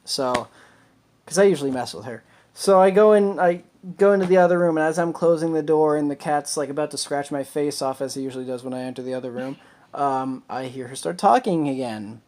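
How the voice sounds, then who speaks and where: A man's voice: on the high side, fairly quick, darkish tone. A man co-hosting a casual podcast, telling a long story with plenty of fillers and restarts. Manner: rambling, filler-heavy storytelling. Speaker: podcast co-host.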